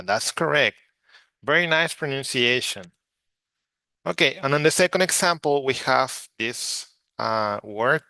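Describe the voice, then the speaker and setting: A man's voice: lowish voice, creaky, pushed and bright, dry recording. A man from Mexico teaching Spanish vocabulary from slides, repeating each word patiently so learners can practice. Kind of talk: slide-based language lesson.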